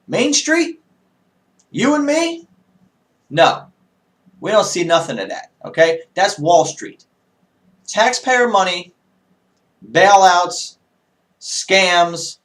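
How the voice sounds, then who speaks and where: A man giving a casual, emphatic political rant on his own video show, full of rhetorical questions. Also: high-pitched.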